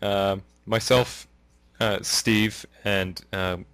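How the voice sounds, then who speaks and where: A man's voice: fairly low pitch, fairly even intonation, drawn-out words, vocal fry, fairly bright tone, smooth, no room sound. A man from Canada hosting a casual podcast, rambling with many fillers and frequent laughs. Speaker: podcast host.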